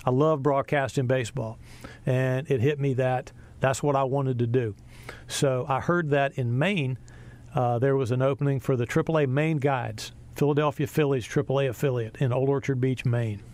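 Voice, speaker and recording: A man's voice: mid-range voice, moderate pace, no echo. A middle-aged American sports broadcaster, a man telling a story in an interview and acting out the people he quotes. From USA. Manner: animated storyteller, acts out quotes.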